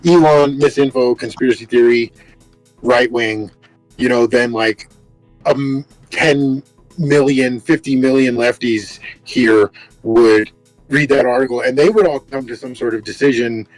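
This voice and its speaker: A man's voice: mid-range voice, unhurried, no room sound, faint music behind, low-quality recording. Rambling man podcast co-host, dry sound. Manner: rambling, filler-heavy. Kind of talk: casual chat.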